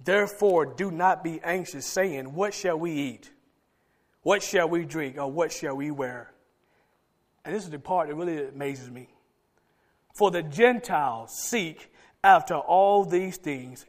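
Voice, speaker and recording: High-voiced man preaching with swinging dynamics. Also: measured pace. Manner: dynamic preaching, swinging from loud emphatic calls to soft low asides. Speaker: pastor. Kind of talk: sermon.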